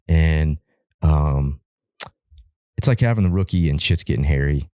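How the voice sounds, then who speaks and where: A man's voice: a bass voice, measured pace, pauses often, warm tone, clean tone, no echo, clean studio sound. A man from Alaska, a wildland firefighter, telling a long story on a podcast in a rambling, profane way, with many repeated words and restarts.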